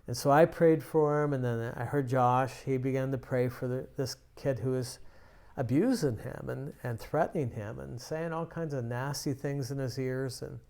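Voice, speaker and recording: A man's voice: mid-range voice, normal speed, vocal fry, a little mellow. A male pastor teaching a sermon, telling a personal story in a conversational way with frequent restarts.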